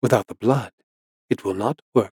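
Man voicing a calm, cryptic woman herbalist. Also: lowish voice, breathy edge, no room sound, studio quality. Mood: cool. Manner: calm, even, unhurried. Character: composed older woman herbalist, cryptic, even-toned.

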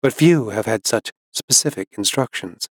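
A man reading the lines of a composed older woman herbalist who speaks in an even, unhurried tone. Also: lowish voice, no room sound, clean studio sound. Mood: cool.

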